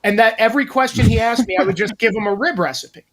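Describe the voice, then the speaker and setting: A man's voice: sits high, fast talker, a crowd in the background. A man from New Jersey, co-hosting a casual podcast, telling stories with lots of profanity and rambling asides.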